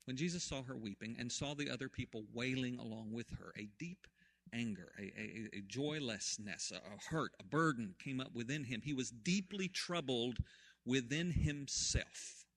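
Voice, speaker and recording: A man preaching a sermon, retelling a story with swings from hushed to loud. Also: mid-range voice, moderate pace. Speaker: pastor.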